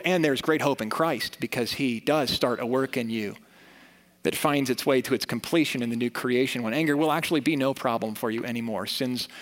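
A man preaching a sermon as pastor, earnest and conversational, building to emphatic points. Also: medium pitch. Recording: long reverb of a church hall.

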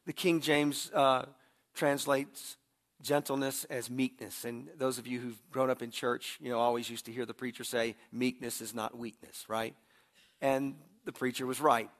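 Preaching conversationally in a medium-pitched, somewhat bright voice, a middle-aged pastor frequently restarts words at the beginning of a thought, repeating them as he launches each sentence.

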